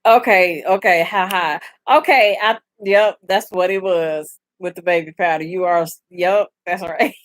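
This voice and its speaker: A young woman hosting a casual live chat, animated and profane, laughing often and reading comments aloud. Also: lowish voice, unhurried, hardly any pauses, dry recording. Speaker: livestream host.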